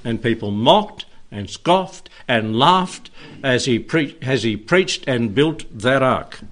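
A man preaching a sermon and leading a prayer in a church, earnest and emphatic, with long pauses. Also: mid-range voice, animated, fairly bright tone.

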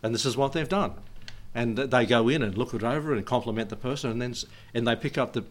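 A middle-aged man with a mid-range voice preaches as a pastor at a brisk clip. His informal sermon wanders off on tangents, and he chuckles often between points.

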